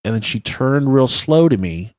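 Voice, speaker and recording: A man in his thirties tells stories as a podcast co-host, loose and rambling, with plenty of swearing. His mid-pitched voice sounds close and dry. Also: lively intonation, normal speed, no room sound. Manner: profane, rambling storytelling. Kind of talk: casual podcast chat.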